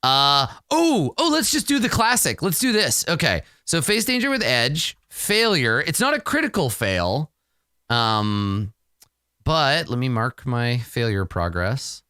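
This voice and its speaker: A man's voice: medium pitch, big pitch swings, unhurried, sharp tone, smooth, dry recording, studio quality. A man thinking aloud as he plays a solo tabletop roleplaying game, rambling and swearing freely as the dice go against him.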